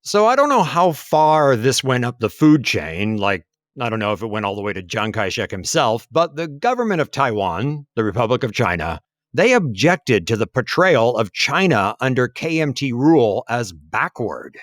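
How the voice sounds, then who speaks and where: A man co-hosting a history podcast, talking in a relaxed, musing way with frequent fillers. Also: mid-range voice, moderate pace, no echo, clean studio sound. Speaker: podcast co-host. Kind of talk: casual history podcast chat. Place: lives in Taiwan.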